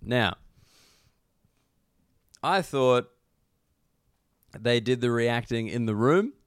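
A man's voice: mid-range voice, lively intonation, drawn-out words, smooth, no echo. A man with an Australian accent, hosting a casual solo comedy podcast, rambling and self-deprecating, swearing freely. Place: corner of a hotel room.

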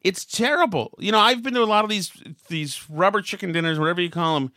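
A man's voice: high voice, fast talker, pushed and bright, no echo, studio quality. A man hosting a political talk show, ranting with sarcastic exasperation. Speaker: host.

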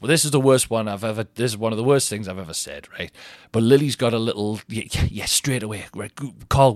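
A man's voice: lowish voice, no room sound, studio quality. A man in his thirties hosting a podcast, telling rambling, self-mocking stories with lots of restarts. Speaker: podcast host. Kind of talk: casual comic monologue.

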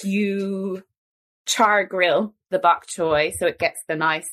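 A woman's voice: on the low side, steady tone, slow, fairly bright tone. A young woman with an Irish accent, co-hosting a casual podcast chat about a cookbook, chatty and laughing often. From Ireland. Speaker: podcast co-host.

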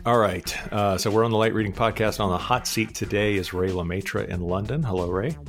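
Deep-voiced relaxed man hosting a podcast. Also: a little fast, soft background music. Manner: relaxed, chatty, laughs easily, frequent ums. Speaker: podcast host. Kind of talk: casual podcast chat and interview questions. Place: North Texas.

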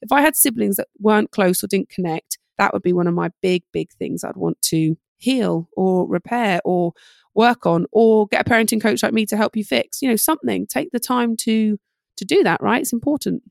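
A middle-aged woman parenting coach giving fast, animated advice in a podcast interview, acting out little exchanges between parent and child. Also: mid-range voice, creaky, no echo, clean studio sound.

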